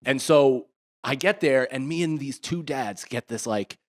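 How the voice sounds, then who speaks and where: A man in his thirties co-hosting a podcast in casual chat, telling a rambling, animated story full of restarts and asides. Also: mid-range voice, a little slow. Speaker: podcast co-host.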